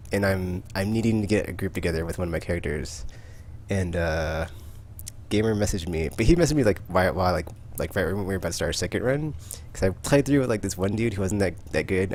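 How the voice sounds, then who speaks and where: Rapid, rambling deep-voiced man. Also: darkish tone, slight background noise. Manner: rambling, filler-heavy storytelling. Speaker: podcast host. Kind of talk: casual gaming chat.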